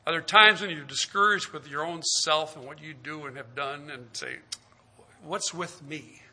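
Bright-voiced man preaching a sermon. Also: on the high side, moderate pace. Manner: storytelling, acting out the dialogue of the scripture figures; asks the listeners direct questions.

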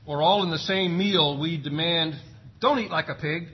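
A man's voice: on the high side, moderate pace, husky, muffled recording. A man preaching a sermon as pastor, emphatic and full of rhetorical questions. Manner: emphatic, rhetorical questions, acts out parents' sayings.

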